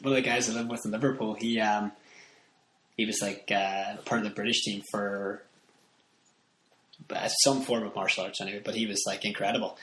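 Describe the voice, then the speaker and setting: A man's voice: fairly low pitch, flat delivery, a little fast, pauses often, a bit bright. A Northern Irish man chatting casually as a podcast guest, rambling with lots of fillers and restarts. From Ireland. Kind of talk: casual chat. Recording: roomy echo, faint background noise.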